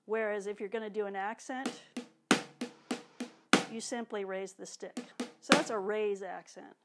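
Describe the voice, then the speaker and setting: In an unhurried, medium-pitched voice, a woman drum instructor patiently breaks down a technique while loud drumming continues. She's clear throughout and occasionally imitates the strokes with her voice.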